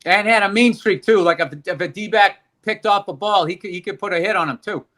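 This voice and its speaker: A man's voice: high-pitched, a little fast, fairly bright tone. A man co-hosting a podcast in casual chat, joking and ranting with plenty of swearing. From United States. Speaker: podcast co-host.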